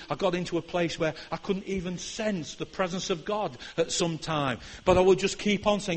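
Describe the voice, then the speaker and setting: An older man, preaching as a guest speaker and swinging between loud declarations and hushed, tearful prayer. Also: high-pitched, normal speed, hardly any pauses. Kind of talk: sermon.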